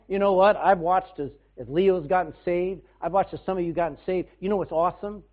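A man preaching a sermon to his church in a folksy way, swinging between loud bursts and soft asides. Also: high-pitched, a little fast. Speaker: pastor. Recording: tinny, phone-like band.

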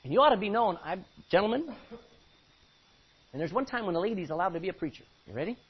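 A man's voice: high voice, animated, quick pace, husky, dull audio. A man preaching a sermon in an emphatic way, repeating phrases and calling out for amens.

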